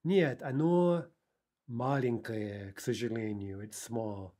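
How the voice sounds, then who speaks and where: A man's voice: mid-range voice, normal speed, warm tone, husky. A man teaching a recorded language lesson, explaining patiently and often checking in with "right?" between points.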